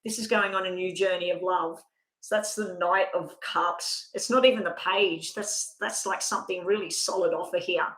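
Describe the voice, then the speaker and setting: A woman's voice: on the low side, fairly even intonation, normal speed, fairly bright tone, roomy sound, rough recording. A woman giving a live tarot card reading, talking in a chatty, rambling way and breaking off mid-thought. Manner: chatty, rambling, self-interrupting. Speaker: tarot reader.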